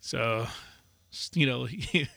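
A man in his forties, a podcast co-host telling a story in casual chat, animated and laughing often. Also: mid-range voice, slow pace, vocal fry, no room sound, clean studio sound.

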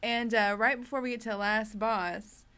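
A woman's voice: on the high side, fairly even intonation, normal speed, pushed and bright, clean tone. Dry, matter-of-fact podcast woman. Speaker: podcast co-host. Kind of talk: casual gaming podcast chat.

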